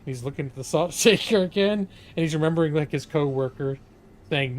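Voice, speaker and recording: A man's voice: on the high side, fairly quick. A man streaming a video game and chatting in a digressive way, filling his talk with fillers while he retells old comedy sketches. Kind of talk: rambling gameplay commentary on a live stream.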